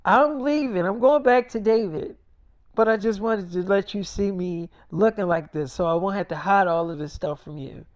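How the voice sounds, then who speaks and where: Brief: woman playing a defiant young werewolf bride, quiet but stubborn. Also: mid-range voice, normal speed, lightly acted. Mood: insistent. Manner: stubborn, quieter, talks back.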